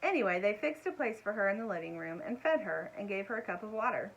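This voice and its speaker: A woman reading a children's chapter book aloud in a gentle, expressive way, adding little asides for young listeners. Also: medium pitch, fast, vocal fry, highs cut off, a little hiss or hum. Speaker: storyteller.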